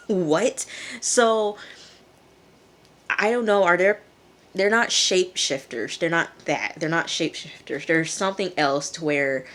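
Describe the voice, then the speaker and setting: Chatty woman vlogging a TV review. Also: on the low side. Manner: chatty, acts out characters' lines in a raised voice. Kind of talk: casual TV review vlog.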